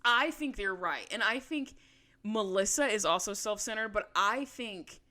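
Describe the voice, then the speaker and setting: A bright-voiced woman co-hosting a podcast, chatting casually and animatedly. Her pitch swings widely as she acts out quotes in voices and swears freely, full of energy. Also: animated, a little slow. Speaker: podcast co-host. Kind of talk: casual recap chat.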